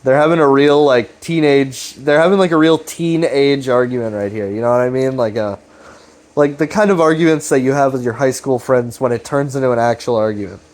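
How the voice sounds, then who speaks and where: A man's voice: mid-range voice, brisk, a little mellow. A young man giving a casual, rambling recap commentary, loose and profane, full of fillers. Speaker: video commentator.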